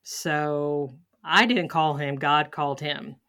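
A woman's voice: low-pitched, fairly even intonation, slow, a bit bright. A woman hosting a faith podcast, sharing a candid personal story and acting out what she thought and said. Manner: candid, self-deprecating, acts out her own thoughts. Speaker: podcast host.

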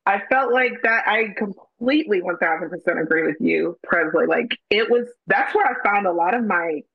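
A woman's voice: medium pitch, normal speed, creaky, husky, no room sound. Chatty woman on dull lo-fi audio. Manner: chatty, uses "like" often. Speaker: guest. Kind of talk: casual chat.

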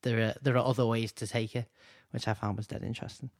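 A man's voice: mid-range voice, flat delivery, fast talker, no echo, clean studio sound. Hesitant male podcast co-host. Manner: hesitant, with filler words and repeats. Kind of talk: casual chat.

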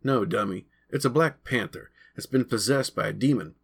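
A man's voice: medium pitch, normal speed, vocal fry, husky. A man voicing a sly teenage boy who tells spooky stories in a knowing, insistent way.

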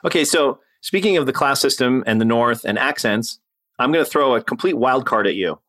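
A man's voice: medium pitch, lively intonation, brisk, a bit bright. A man hosting an interview, asking curious, thoughtful questions in casual chat. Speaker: host.

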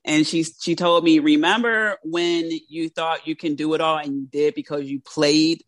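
A woman's voice: low voice, steady tone, normal speed, dry recording. A woman from South Philadelphia with a South Philly accent, hosting a casual interview, chatty and laughing often, her speech slightly impeded by teeth brackets. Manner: giggly, chatty, lots of laughter. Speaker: podcast host.

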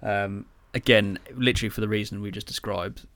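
A man's voice: on the low side, fairly even intonation, fairly quick, fairly bright tone, no echo. A young man chatting casually as a podcast co-host, telling a rambling story full of fillers and swearing.

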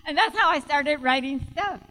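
A woman's voice: high voice, normal speed, pushed and bright, in a large hall, rough recording. A woman author from California telling stories at a book event, switching between English and Spanish and laughing often. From Salinas, California. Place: bookstore event space.

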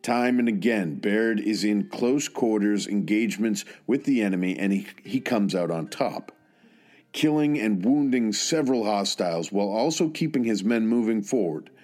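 A man narrating a tribute in an earnest, measured and solemn way, with some hesitant asides. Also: lowish voice, animated, darkish tone, soft background music. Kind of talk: scripted narration.

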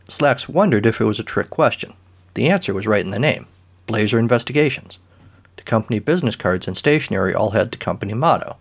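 A man narrating a comic story in a dry, deadpan manner. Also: fairly low pitch, fast talker, gravelly.

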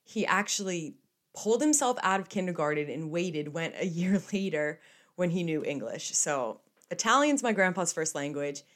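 A young woman from the United States hosting a podcast alone, telling stories in a chatty, animated way with playful asides. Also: fairly low pitch, normal speed. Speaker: podcast host. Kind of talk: casual solo podcast chat.

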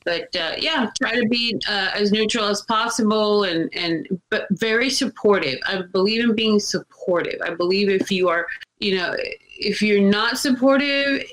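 Animated woman chatting as a podcast host. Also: medium pitch, normal speed, poor audio. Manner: animated storytelling, acts out quoted people; emphatic, repeats points. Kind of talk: casual chat.

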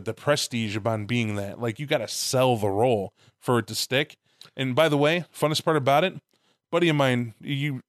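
A man's voice: medium pitch, no echo. Guy on a podcast telling stories, swears a lot, totally dry close sound. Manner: animated storyteller, swears casually. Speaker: podcast co-host. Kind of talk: casual chat.

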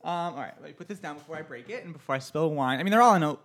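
A podcast co-host in casual chat, excitable and quick to laugh. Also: mid-range voice. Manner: excitable, animated, laughing often.

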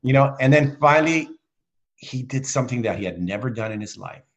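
On a video call, a middle-aged guest tells a heartfelt story about himself in an earnest, faltering way, starting over again and again. His medium-pitched voice is animated.

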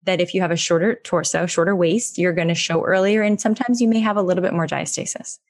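Lower-pitched woman explaining stuff with lots of energy, dry close mic. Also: fast, no echo. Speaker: pelvic health expert guest. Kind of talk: casual interview chat.

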